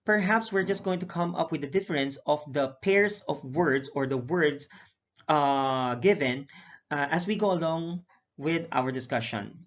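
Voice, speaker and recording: Man teaching, slow repeated word drills. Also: on the high side, fairly bright tone. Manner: measured, repeats each word pair slowly for drill; frequent "okay" and "uh" fillers. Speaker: English teacher. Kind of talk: recorded lesson recap. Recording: dull lo-fi recording.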